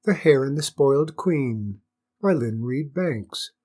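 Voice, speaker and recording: Husky male narrator, even mid pitch, reads children's tales. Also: slow pace. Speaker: storyteller. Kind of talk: storybook reading.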